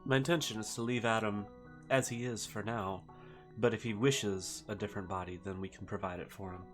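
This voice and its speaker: Male player, lowish pitch, bright edge, measured and calm, faint music. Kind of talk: in-character tabletop play.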